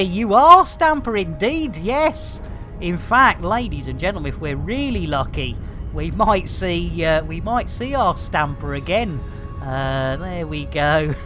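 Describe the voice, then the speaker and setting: Cheeky streamer, lively pitch, unhurried delivery, faint game music underneath. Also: male voice. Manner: cheeky, playful, with hammy exclamations. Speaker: livestreamer playing a space game. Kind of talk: casual chat with chat shout-outs.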